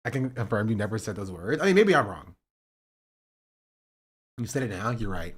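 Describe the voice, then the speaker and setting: A young man talks through a stream reaction, mocking and chuckling as he goes. His pitch swings widely, rising and dropping with every jab. He keeps it loose and conversational. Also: very animated, moderate pace, husky. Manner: sarcastic, laughing often. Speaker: livestream host. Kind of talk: casual stream commentary.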